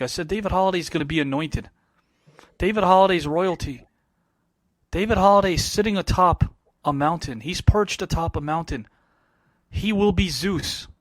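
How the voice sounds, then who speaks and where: Booming theatrical man cutting a promo. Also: dry recording, clean studio sound. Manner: theatrical, pompous, swings from loud to hushed. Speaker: panelist. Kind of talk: wrestling-style promo talk.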